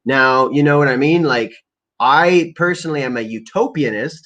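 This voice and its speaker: A man's voice: medium pitch, moderate pace, a bit bright. A man hosting a casual livestream, ranting about politics in profane, rambling bursts and reading out viewer comments. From Canada. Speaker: livestream host.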